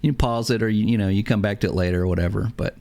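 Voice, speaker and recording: A man's voice: lowish voice, steady tone, rapid-fire, vocal fry, mellow. A middle-aged man hosting a casual gaming podcast, chatty and upbeat, rambling loosely from one thought to the next. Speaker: podcast host.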